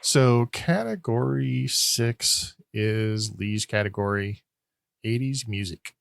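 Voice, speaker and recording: A man's voice: on the low side, slow, creaky, no room sound. A man hosting a casual podcast trivia game, reading out questions and scores and teasing players in a dry, wry way. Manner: dry, wry, explains things loosely with fillers. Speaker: quizmaster host.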